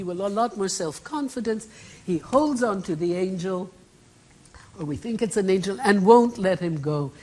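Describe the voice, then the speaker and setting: A woman at a lectern retells an ancient family drama for a live audience. Her voice is a bit breathy and husky and sits at a middle pitch. She tells it with expressive storytelling flair. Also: rough recording. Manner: vivid, expressive retelling with asides. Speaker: keynote speaker.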